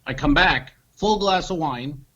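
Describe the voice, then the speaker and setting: A man co-hosting a comedy podcast, telling an animated anecdote and acting out what people said. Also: fairly high pitch, unhurried, slightly rough, highs cut off. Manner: animated anecdote teller, acts out quotes, swears. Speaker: podcast co-host. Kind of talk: comedic storytelling chat.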